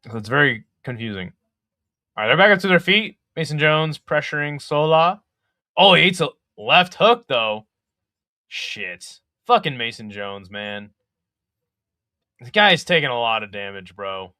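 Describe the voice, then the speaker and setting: A man's voice: mid-range voice, expressive, unhurried, sharp tone, dry recording, clean studio sound. A young man hosting a casual live fight companion stream, chatting with viewers between calls of the action and swearing freely. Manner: chatty, swears, reads chat aloud.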